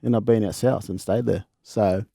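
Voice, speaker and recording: An Australian man in his thirties, co-hosting a podcast, telling stories in a relaxed way with frequent laughs and restarts. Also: on the low side, moderate pace, vocal fry, husky, no room sound, studio quality. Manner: laid-back, laughs often, many restarts. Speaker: podcast co-host, former player. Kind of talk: casual storytelling chat.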